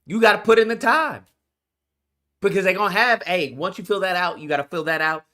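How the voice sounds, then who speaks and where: A man reacting to news clips in profane, animated commentary, incredulous and blunt. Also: high-pitched, fairly quick.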